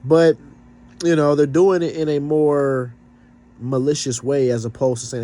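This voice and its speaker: A man's voice: fairly high pitch, little pitch movement, unhurried, mellow. A man vlogging in a casual rant, blunt and profane, sounding slightly stuffed up.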